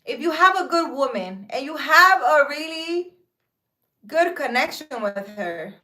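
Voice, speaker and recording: Outdoors in a park, a woman in her thirties live-streams casual spiritual advice about relationships and faith, speaking earnestly and emphatically. Her high voice is very animated, unhurried and sharp in tone.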